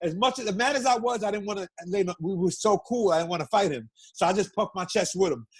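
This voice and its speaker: A middle-aged man from Brooklyn, a guest telling stories in a casual interview, animated and profane, acting out what people said. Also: high-pitched, fast, husky. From Brooklyn, New York. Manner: animated, profane storyteller who acts out quotes.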